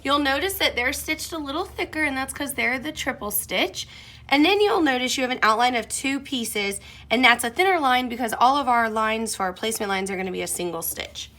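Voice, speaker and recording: Bright-voiced woman teaching machine embroidery. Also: sits high, animated, brisk. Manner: friendly, chatty step-by-step explaining. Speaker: sewing instructor.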